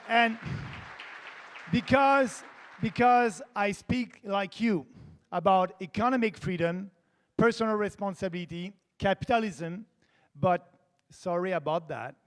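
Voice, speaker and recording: A man with a Québécois French accent, whose first language is French, delivers an earnest, emphatic debate statement. His voice sits quite high for a man. It rings with a long reverb, as if heard in a large debate hall. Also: measured pace. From Quebec, Canada. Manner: earnest, emphatic, stresses key words. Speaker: political candidate.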